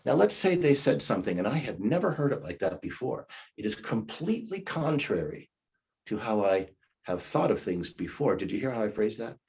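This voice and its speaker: A man's voice: medium pitch, very animated, moderate pace, a little mellow, slightly rough. A man in his fifties giving a leadership class in a conversational teaching manner, acting out the replies he recommends. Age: 50s. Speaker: leadership coach. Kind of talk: recorded class lecture.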